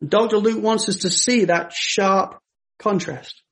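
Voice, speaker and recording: A man delivers a sermon with a notably high voice. His storytelling is dramatic. Hushed passages give way to ringing, emphatic declarations. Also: steady tone, unhurried. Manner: dramatic, swings from hushed to emphatic when quoting scripture. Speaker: preacher.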